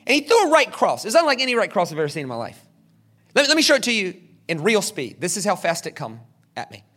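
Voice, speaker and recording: Animated high-voiced preacher. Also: male voice, fast. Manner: animated, dramatic, with shouted peaks. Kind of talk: sermon with storytelling.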